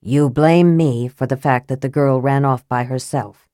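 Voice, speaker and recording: A cool, calculating young wizard who speaks in flat, measured sentences, as a woman voices him. His voice sits low and even, recorded close and dry like an audiobook read. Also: no echo.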